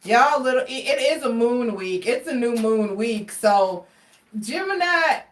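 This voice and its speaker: A woman with a fairly high voice gives a casual tarot reading, chatty and expressive as she talks straight to her viewers. She sits a little away from the mic, and the room around her sounds roomy and echoey. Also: unhurried, far from the mic. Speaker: tarot card reader.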